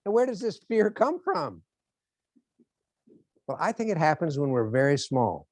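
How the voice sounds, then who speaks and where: A male motivational speaker with a fairly high voice who tells his stories in an animated way and acts out each scene. His delivery is dry and close. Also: measured pace, no room sound. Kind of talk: motivational lecture.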